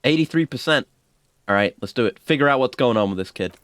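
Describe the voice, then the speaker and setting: A man's voice: medium pitch, animated, fast, a bit bright, no room sound. A man playing a video game and thinking aloud in casual, hesitant commentary. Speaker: gaming streamer. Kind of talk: casual let's-play commentary.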